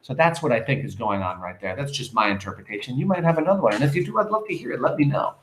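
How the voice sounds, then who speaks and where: With a mid-range voice in a reverberant room, a man teaches a class by reading a play aloud. He is animated and questioning, pausing to explain the text and quiz his students.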